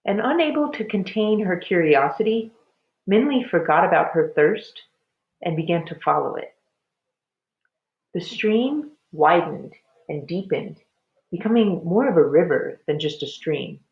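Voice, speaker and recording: A woman reading a children's chapter book aloud with expressive storytelling. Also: lowish voice, unhurried. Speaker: storybook reader. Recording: dull lo-fi recording.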